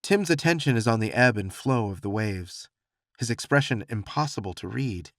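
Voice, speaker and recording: A man narrating a first-person romance audiobook with expressive, reflective storytelling. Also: lowish voice, normal speed, no room sound, clean studio sound.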